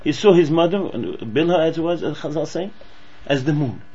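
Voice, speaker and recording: A man teaches a Torah lesson in a high, husky voice that swings widely in pitch. He talks excitably, often repeating and restarting his words. The recording is dull and lo-fi, with a hum underneath. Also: normal speed.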